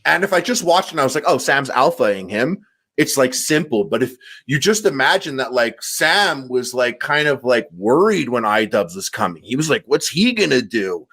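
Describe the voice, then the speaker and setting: A man's voice: mid-range voice, lively intonation, normal speed, hardly any pauses, bright, forceful tone, breathy edge. A man co-hosting a podcast in casual chat, rambling and filling his talk with "like". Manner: rambling, heavy use of "like" fillers. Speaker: podcast co-host.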